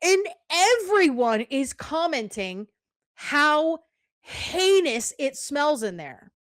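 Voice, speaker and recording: A young woman hosting a podcast, telling a story in an animated, profane way and often checking in with "okay?". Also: high-pitched, slow pace, no echo, clean studio sound. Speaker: podcast host. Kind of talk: casual storytelling.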